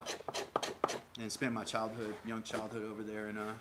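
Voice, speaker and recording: Amid loud background noise with clicks, a Minnesota livestream host responds aloud to viewer comments in casual, rambling chat, with plenty of fillers and restarts. His voice is lowish and monotone, at a moderate pace.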